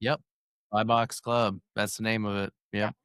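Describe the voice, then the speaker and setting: A man guest on a podcast, chatting casually and rambling a bit as he explains his software. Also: lowish voice, measured pace, clean tone, no echo. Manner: relaxed, rambling, self-correcting. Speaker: podcast guest, real estate investor. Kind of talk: casual interview chat.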